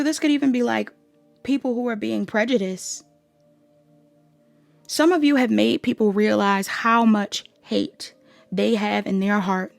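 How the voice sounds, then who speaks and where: A woman's voice: mid-range voice, vocal fry, no echo. A woman giving a casual pick-a-card tarot reading, rambling and often saying "like". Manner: casual, rambling, heavy use of "like". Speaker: tarot reader.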